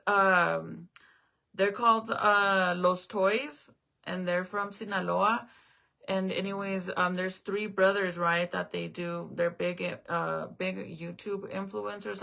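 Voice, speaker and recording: A woman's voice: lowish voice, vocal fry, sharp tone. A young woman at home chatting casually on a live stream, rambling, swearing now and then and answering viewer comments. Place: at home, indoors.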